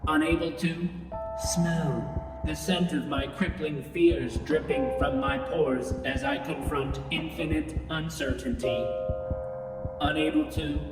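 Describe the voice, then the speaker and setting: A man voicing a sulky male spaceship AI that denies having feelings, deadpan and reading its punctuation aloud, in a scripted comedy audio piece. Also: a little high, slow, loud music behind the voice. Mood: brooding. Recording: echoey hall, distant from mic.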